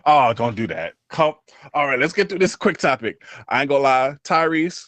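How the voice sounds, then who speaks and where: A man co-hosting a podcast in casual banter, animated and slangy, laughing often and mimicking other people's voices. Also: medium pitch, normal speed, no room sound. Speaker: podcast co-host.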